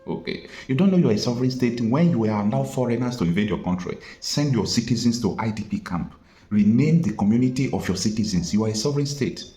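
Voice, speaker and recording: Emphatic Nigerian man, lively delivery. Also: medium pitch, fast, echoey room. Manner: animated, emphatic, rhetorical questions. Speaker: political commentator. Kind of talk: impassioned commentary vlog.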